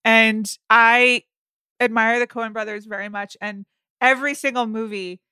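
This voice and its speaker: A woman co-hosting a podcast in casual film chat, wry and teasing, jumping up into high mocking voices when she quotes people. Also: steady tone, normal speed, pushed and bright, clear, resonant tone, dry recording, clean studio sound. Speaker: podcast co-host.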